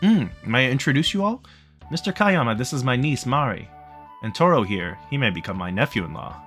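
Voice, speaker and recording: Polite loud lodge owner guy, middle-aged, voiced by a man reading a visual novel. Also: medium pitch, lively intonation, a little fast, soft background music, natural voice.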